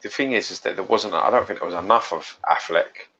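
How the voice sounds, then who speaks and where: A man's voice: low-pitched, fairly quick, bright, forceful tone, lo-fi sound, slight background noise. A man hosting a casual podcast chat, blunt and teasing, swearing freely. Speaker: podcast host.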